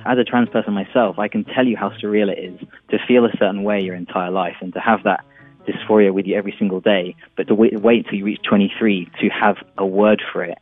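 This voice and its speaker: A man speaking candidly as a listener responding to the show, explaining with quick restarts. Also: fairly low pitch, fairly even intonation, dry recording, soft background music. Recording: tinny phone line.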